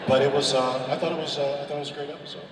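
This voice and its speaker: A man on a convention panel telling an animated anecdote, acting out quotes with big swings in his voice. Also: mid-range voice, rapid-fire, a crowd in the background. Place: large convention hall. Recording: echoey hall from far off.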